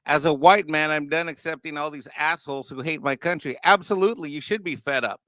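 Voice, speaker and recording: Brash, sarcastic high-voiced man. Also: a little fast, pushed and bright, dry recording. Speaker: co-host. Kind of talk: casual political chat. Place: home near a golf course.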